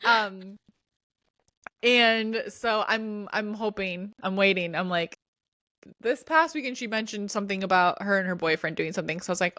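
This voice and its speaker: A woman's voice: mid-range voice, moderate pace, sharp tone, no echo, clean studio sound. A woman co-hosting a podcast, telling a story in a casual, rambling way with lots of restarts. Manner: chatty, rambling with many restarts and "like". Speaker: podcast co-host. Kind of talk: casual chat.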